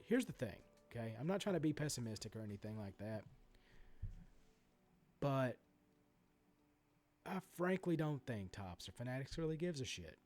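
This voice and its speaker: Animated, profane card-collecting ranter. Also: male voice, mid-range voice, moderate pace, pauses often. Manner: animated, profane ranting with many asides and restarts. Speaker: sports card collector vlogger. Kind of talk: ranting vlog commentary.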